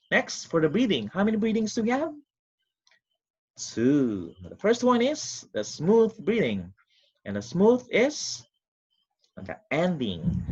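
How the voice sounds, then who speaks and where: Husky, animated male lecturer. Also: mid-range voice. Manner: animated, sing-song explaining with quick recaps. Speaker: teacher. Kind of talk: recorded online lecture. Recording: dull lo-fi recording.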